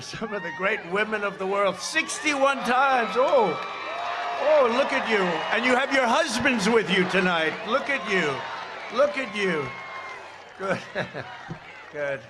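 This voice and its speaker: A man's voice: sits high, expressive, slow pace, pauses often, a crowd in the background, noisy background. An older man in his seventies giving a rally speech at a podium mic, rambling with sarcastic asides and repeated phrases. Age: 70s. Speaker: political speaker at a rally. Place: outdoor rally.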